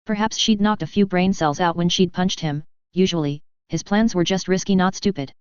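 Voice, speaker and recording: A narrator reading a fan fiction story aloud in a steady, even storytelling voice. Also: mid-range voice, normal speed, few pauses, clean tone, no echo. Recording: dry, slightly dull lo-fi recording.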